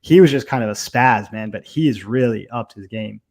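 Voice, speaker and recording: A young man co-hosts a fight watch-along, giving casual live commentary in a loose, profane way packed with fillers and swearing. His voice sits on the low side, with a darkish tone and a normal speaking speed.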